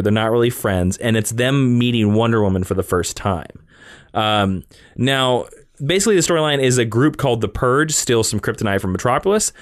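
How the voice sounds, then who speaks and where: An enthusiastic man hosts a comic-book podcast, his pitch jumping all over as he talks. He sounds dry and close, with no room around him. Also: dry recording. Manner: enthusiastic, acts out character quotes. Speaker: podcast host. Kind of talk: casual comic-book chat.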